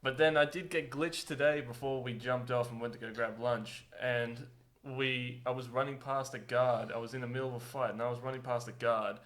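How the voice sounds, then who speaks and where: Laughing, animated young man. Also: mid-range voice, fairly quick. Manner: animated, laughs often, acts out game moments. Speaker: podcast co-host. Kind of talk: casual gaming chat.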